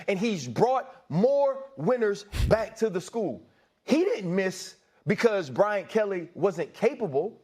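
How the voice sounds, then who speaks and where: A man's voice: high-pitched, a little mellow. A man giving impassioned sports commentary, emphatic and repetitive, speaking in an indignant tone. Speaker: sports analyst.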